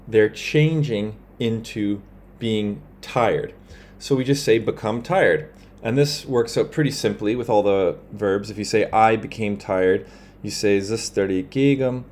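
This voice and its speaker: A man with a fairly low voice teaches a grammar lesson over slides. He explains in a relaxed manner with fillers and quick self-corrections, and says example phrases in another language.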